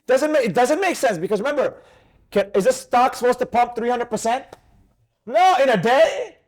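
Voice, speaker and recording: Male trading teacher, high voice, animated and emphatic, fires questions at students. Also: normal speed. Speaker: trading instructor. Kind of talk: live trading class discussion.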